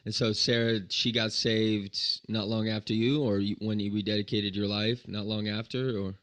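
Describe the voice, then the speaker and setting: Male podcast host, low and flat-toned, casual interviewer who affirms often. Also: moderate pace. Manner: affirming, repeats short reactions.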